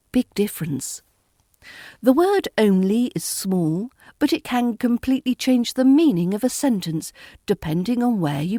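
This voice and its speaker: A British woman with an RP accent coaches pronunciation in a very slow, deliberate way. She repeats each example word with care. Her voice is mellow and recorded dry and close, with no room echo. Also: medium pitch. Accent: southern British English, RP. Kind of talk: pronunciation lesson.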